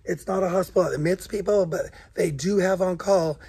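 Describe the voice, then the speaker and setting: A middle-aged man with a hoarse, gravelly voice worn rough from days of coughing. He chats easily on a vlog and laughs often, his voice sitting a little high for a man. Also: a little fast, dark tone. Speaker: vlog co-host. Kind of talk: casual chat.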